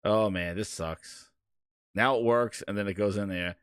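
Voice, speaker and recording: A man's voice: lowish voice, measured pace, a bit bright, clean tone, no echo, studio quality. A man hosting a gaming live stream, flustered and rambling with laughs as his audio keeps failing, talking into a home streaming microphone. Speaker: show host. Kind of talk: live-stream casual chat.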